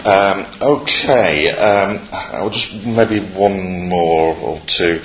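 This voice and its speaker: A man's voice: sits low, very slow, hardly any pauses, a bit bright. A man preaching to a congregation, hesitant with many fillers and light jokes. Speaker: guest preacher. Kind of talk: sermon opening with a quiz. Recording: echoey, muffled, congregation audible.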